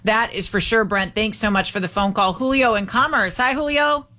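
A woman's voice: medium pitch, normal speed, bright, forceful tone. A woman hosting a talk radio show, upbeat and chatty as she takes calls and reads odd news stories.

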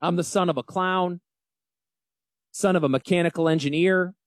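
A man in his forties with a Northern US accent, hosting a casual financial talk radio show in an animated, emphatic and folksy way. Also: high-pitched, moderate pace, no room sound. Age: 40s. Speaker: financial advisor radio host.

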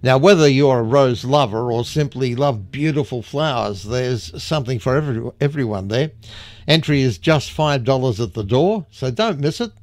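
A man's voice: mid-range voice, lively intonation, normal speed, no echo. An Australian man presenting a local radio show and reading a community announcement in a friendly, chatty way. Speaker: radio host. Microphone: studio microphone.

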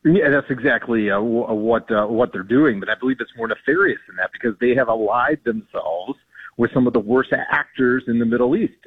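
This is a man speaking fairly quickly in a mid-range, slightly rough voice, with no room sound, as a policy guest on a phone-in radio interview. Earnest and indignant, he keeps saying um and restarting his thoughts, all heard through a tinny phone connection.

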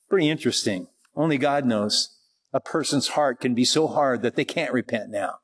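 A man teaching verse by verse through scripture, reading passages slowly and then explaining them, his voice rising when he presses a point. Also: husky. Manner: rises in pitch and force when pressing a point. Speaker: Bible teacher.

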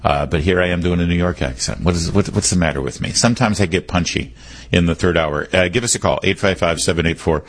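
A man's voice: low-pitched, fast, slightly rough. A man hosting a talk radio show, delivering an opinionated, punchy monologue and repeating the call-in number.

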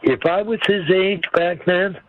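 A blunt, folksy caller in his seventies phones in to a radio chat, his voice sitting high with a measured pace. There's no room sound, just a dull phone line.

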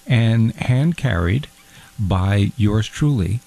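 A prim, easily wounded fondue lover, played by a man with a low, gravelly voice. He explains things pompously and stumbles over his words. He takes every slight to heart. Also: lively intonation, slow, warm tone, heavily acted. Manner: pompous, hesitant, easily hurt. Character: fussy, emotional fondue-loving man. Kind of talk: comedy character bit.

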